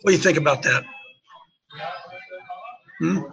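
Forceful, fired-up talk show host man. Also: a little high, measured pace, gravelly, rough recording. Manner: emphatic, repeats phrases, fires rhetorical questions. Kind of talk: opinionated talk radio commentary.

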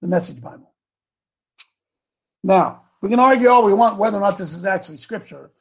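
A man preaching a sermon, fervent and folksy, climbing into loud emphatic passages when he reads scripture. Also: high-pitched, animated, a little fast, husky. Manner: fervent, rising to shouts on scripture, folksy asides.

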